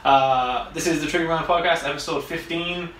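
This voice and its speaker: A man hosting a laid-back podcast, rambling loosely and swearing freely. His voice is bright and forceful. It is caught from a distance by a camera mic, with a roomy, echoey sound. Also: fairly high pitch, steady tone, normal speed, a little hiss or hum. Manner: loose, rambling and heavily profane. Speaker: podcast host. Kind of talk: casual podcast chat. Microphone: camera microphone.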